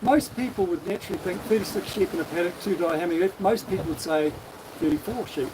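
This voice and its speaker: Jokey Kiwi man with a high voice. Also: fast. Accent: New Zealand. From New Zealand. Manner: jokey, upbeat, rambling. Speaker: sailing vlog host. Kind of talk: casual live-stream chat. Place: on a sailboat at sea, outdoors. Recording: wind and water noise on deck.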